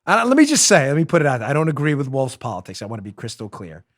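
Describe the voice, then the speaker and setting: A man's voice: medium pitch, racing. A man hosting a political commentary show, ranting in a sarcastic, mocking way. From New York. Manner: sarcastic, mocking, animated rant. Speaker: host.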